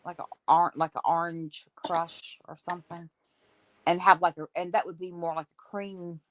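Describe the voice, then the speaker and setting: A woman with a Southern American accent who explains things in a rambling, hesitant way, full of fillers. Her voice sits on the low side for a woman, and it sounds dry and close, with no room echo. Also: flat delivery, moderate pace. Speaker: co-host. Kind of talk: casual chat.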